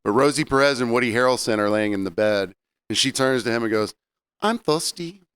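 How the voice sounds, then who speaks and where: A man co-hosting a podcast, telling stories in a relaxed, rambling way with fillers. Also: mid-range voice, quick pace, smooth, no room sound. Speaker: podcast co-host. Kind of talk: casual chat.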